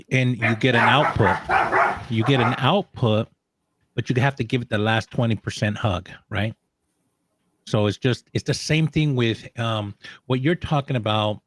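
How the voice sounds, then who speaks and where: A man chatting casually on a talk show, telling animated stories with frequent restarts and laughs. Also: mid-range voice, dry recording, studio quality. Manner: animated storyteller, laughs often, many restarts. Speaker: co-host of a social media talk show. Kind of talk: casual chat.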